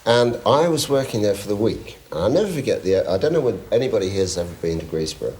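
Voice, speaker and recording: A middle-aged man spins chat show stories in a low voice. His pitch swings widely as he talks, and he laughs his way through the anecdotes. A faint hiss sits under the recording. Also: fast. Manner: lively storyteller, laughing often. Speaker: guest singer.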